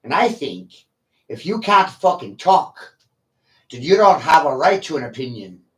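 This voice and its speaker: A man on a livestream rant who drags out every line at a slow, heavy crawl. He swears freely and sounds combative and full of himself, leaving long pauses between jabs. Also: on the high side, sing-song, a bit bright. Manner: profane, combative, boastful.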